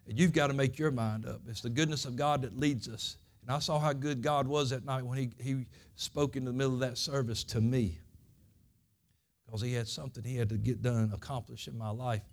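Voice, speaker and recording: A man's voice: mid-range voice, steady tone, brisk. Man, pastor, folksy earnest preaching, personal testimony. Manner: folksy, earnest preaching with plain country grammar. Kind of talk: Sunday school sermon with personal testimony.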